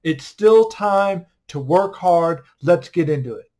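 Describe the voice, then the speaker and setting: A man's voice: high-pitched, animated, takes it slowly, darkish tone. A man teaching an online history class in a casual, upbeat way, joking and quizzing his students as he goes.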